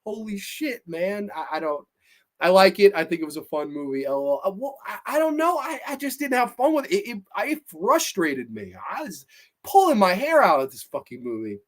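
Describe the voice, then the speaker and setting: Guy ranting hard about movies, cussing a lot, bit high voice. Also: big pitch swings, moderate pace. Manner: blunt, profane, ranting. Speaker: podcast host reading live chat. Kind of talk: casual live-stream chat.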